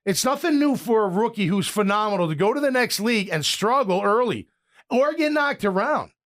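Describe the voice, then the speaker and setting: A man's voice: sits high, animated, a little fast, a bit bright. A middle-aged American man hosting sports talk radio, rambling and opinionated with frequent restarts.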